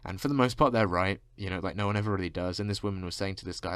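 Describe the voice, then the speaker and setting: A man's voice: low-pitched, rapid-fire, few pauses, fairly bright tone, clean tone, no room sound. A man vlogging a casual rant, constantly saying "like" and swearing freely. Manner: fills speech with "like", swears freely.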